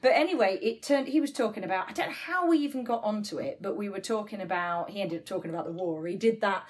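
A woman's voice: mid-range voice, fast. Northern English woman telling stories. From Northern England. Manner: animated storyteller, laughs often. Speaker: podcast co-host. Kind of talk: casual chat.

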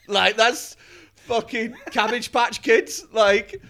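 A man, a comedian guest telling an anecdote in an animated, expletive-laden way on a podcast. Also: sits high, moderate pace.

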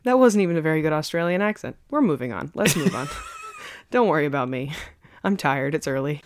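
A woman's voice: deep voice, animated, a little fast, slight background noise. A woman hosting a podcast, telling a story in a chatty, casual way and laughing often. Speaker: podcast co-host.

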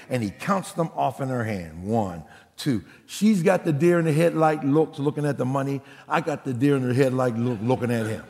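A man preaching a sermon, telling a story with acted-out quotes and shouted punchlines. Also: medium pitch, vocal fry, big-room sound. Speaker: pastor.

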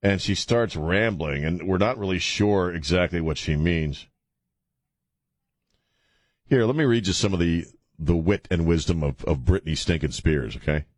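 A man's voice: low voice, moderate pace, no room sound. A man hosting call-in talk radio from a studio, with mocking, irreverent banter and frequent laughs. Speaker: radio talk show host. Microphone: studio microphone.

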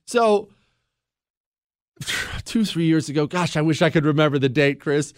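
A man's voice: a little high, unhurried, no echo. A man hosting a radio talk show, telling a story with emphatic, self-deprecating humor, then moving into political commentary, in a studio.

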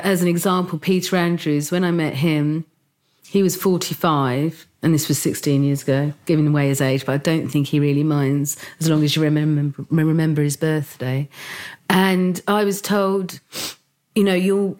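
A woman with a slightly low voice talks as a podcast guest. She speaks haltingly and tearfully, restarting her sentences and filling pauses as she goes. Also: steady tone, darkish tone. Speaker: podcast guest, founder of an arts organisation. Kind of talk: emotional interview talk.

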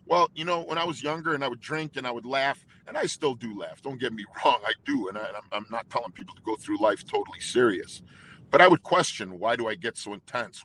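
A man, a singer being interviewed, talking intensely and fast with many restarts in casual storytelling. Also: mid-range voice, a bit bright, slight background noise, poor audio. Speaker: guest singer.

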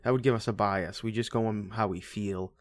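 A man co-hosting a podcast, chatting casually about a movie with quick jokes, asides and frequent laughs. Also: on the low side, steady tone. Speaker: podcast co-host.

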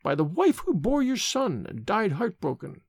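A man voicing an ancient female nurse who questions a dying man slowly and insistently. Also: high voice, very animated, vocal fry, slightly rough, no echo, studio quality, voice pushed up, full character voice. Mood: relentless. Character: ancient crone nurse, relentless and grim.

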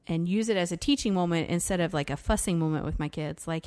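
A woman's voice: fairly low pitch, quick pace, darkish tone. A woman in her thirties co-hosting a casual podcast, telling self-mocking stories about her kids in a chatty way. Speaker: podcast co-host. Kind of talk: casual chat.

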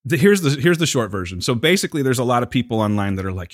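A man's voice: mid-range voice, sing-song, rapid-fire, few pauses, no room sound, clean studio sound. A man co-hosting a podcast in casual chat, bantering with boastful, joking asides. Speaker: podcast co-host.

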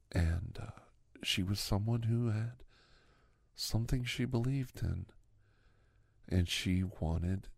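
A man in a whispered role-play speaks slowly in a very deep, gravelly voice. He rambles with earnest sentiment and drops into soft whispered asides. The sound is dry and close, with a dark, husky tone. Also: no echo. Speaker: host playing a doctor character.

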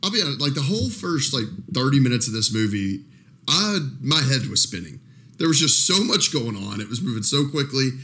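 A man co-hosting a casual movie podcast, expressive and full of restarts. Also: mid-range voice, brisk. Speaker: podcast co-host. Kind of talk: casual movie-review chat.

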